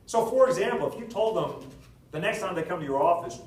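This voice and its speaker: A man, a political candidate, answering at a town hall meeting, telling anecdotes with jokes in a lively storytelling manner. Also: fairly high pitch, brisk, recorded from a distance, slight background noise. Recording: echoey hall recorded from afar.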